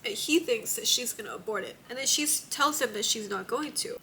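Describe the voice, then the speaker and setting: A woman's voice: on the high side, a little fast, pushed and bright, a little hiss or hum. A woman book vlogger chatting casually and emotionally about a novel she is reading. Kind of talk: casual reading-vlog chat.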